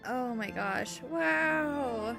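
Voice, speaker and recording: A woman's voice: high-pitched, expressive, drawn-out words, vocal fry, music in the background. A woman game streamer talking to her chat in a casual, gushing and emotional way.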